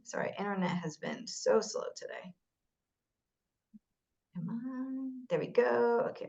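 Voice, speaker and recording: A woman training volunteer tutors, walking through a lesson plan on a shared screen in a casual, explanatory way with quick apologies. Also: mid-range voice, lo-fi sound.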